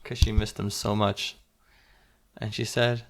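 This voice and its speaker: A man telling a simple story to a small child, stopping to ask questions and explain words gently. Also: lowish voice, little pitch movement, measured pace, gravelly. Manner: interactive, asks the listening child questions.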